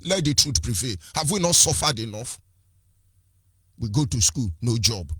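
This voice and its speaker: Fiery Nigerian man with a husky voice. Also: mid-range voice, animated, normal speed, a bit bright, no room sound, studio quality. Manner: fiery, rhetorical, repeats phrases, switches into Igbo and Pidgin. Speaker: activist speaker. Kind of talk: impassioned political address.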